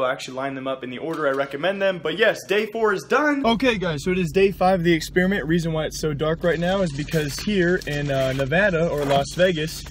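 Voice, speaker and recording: A man's voice: a little high, slight background noise. A young man vlogging casually to camera, upbeat and chatty, talking to his viewers as guys. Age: young adult. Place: at home, in a stairwell, at a gym.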